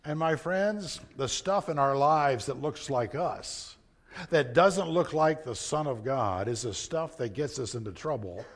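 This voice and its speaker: A man preaching a sermon, earnest and conversational, swinging between emphatic points and hushed, quiet asides. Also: medium pitch, expressive, a little slow. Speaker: pastor.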